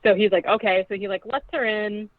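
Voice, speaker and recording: A woman's voice: medium pitch, steady tone, a little fast, no echo. Chatty woman on a tinny phone line. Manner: chatty, peppered with "like", acts out quoted lines. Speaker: podcast co-host. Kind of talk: casual film recap.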